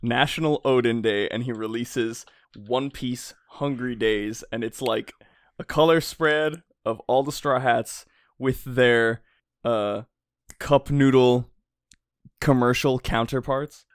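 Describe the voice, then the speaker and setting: A man co-hosting a fan podcast, excitable and laughing a lot, with casual swearing. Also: mid-range voice, takes it slowly, smooth, no echo, studio quality. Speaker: podcast co-host.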